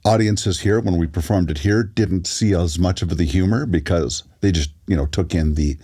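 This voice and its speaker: A man, an actor and audiobook narrator, telling relaxed stories as a guest in a casual interview. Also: deep voice, normal speed, slightly rough. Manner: relaxed anecdotal storytelling with fillers.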